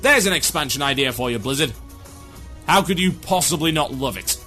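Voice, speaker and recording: A man's voice: a little high, lively intonation, normal speed, bright, forceful tone, faint music behind. A man hosting a comedic gaming podcast, ranting theatrically and sarcastically. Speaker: podcast host.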